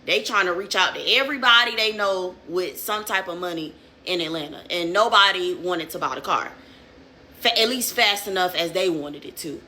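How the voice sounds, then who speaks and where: A woman's voice: lowish voice, moderate pace, sharp tone, a little hiss or hum. A young woman telling a story in casual, profane, streetwise slang.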